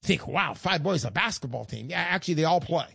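A man's voice: on the high side, expressive, brisk, creaky, a bit bright, breathy edge, no echo, studio quality. An older man hosting a call-in radio show, chatty and folksy, getting emotional as he talks.

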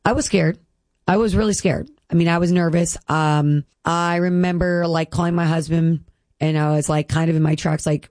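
A woman's voice: fairly low pitch, steady tone, moderate pace, darkish tone, no room sound. A woman in her thirties, a guest speaking earnestly and emotionally about her health, with many "like" fillers. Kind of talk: candid personal interview.

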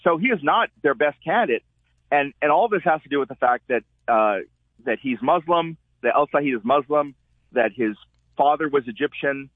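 A man, a columnist guest, telling stories in an animated way and acting out the quotes he tells. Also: on the high side, moderate pace, no echo. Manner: animated storyteller, acts out quotes. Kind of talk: call-in commentary. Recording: tinny phone line.

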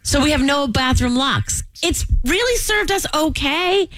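Chatty animated woman radio co-host. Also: sits high, measured pace, no room sound. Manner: chatty, animated storyteller with frequent restarts. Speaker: radio morning show co-host. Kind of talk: casual chat.

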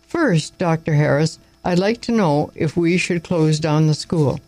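A man reading the lines of an older grandfather on the school board, who speaks low, calm and even. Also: measured pace, no echo, close to an everyday voice.

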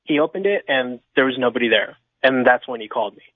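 Calling a radio show from California's Inland Empire, a man tells his story fast and expressively at a medium pitch. The recording is dry yet tinny through the phone, and his telling meanders, full of fillers and false starts.

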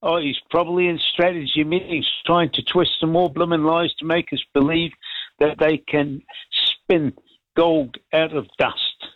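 A man's voice: fairly high pitch, steady tone, measured pace, no echo, phone-quality sound. An older man calling in to a radio talk show, chatting in a rambling, heartfelt way. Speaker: caller. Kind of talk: casual radio call-in chat.

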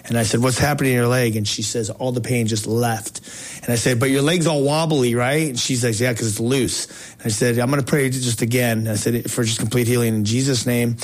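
A man hosting a faith talk show, telling a story in a casual, excited way with slang and frequent restarts. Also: mid-range voice, brisk. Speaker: talk show host and evangelist.

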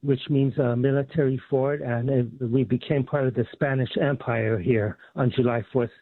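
Radio call-in guest, a man from the San Francisco Bay Area, rambling and halting, heard over a tinny phone line. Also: medium pitch, fairly even intonation, no room sound. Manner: rambling, many uh and um pauses. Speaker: radio show caller. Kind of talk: phone call to a talk show.

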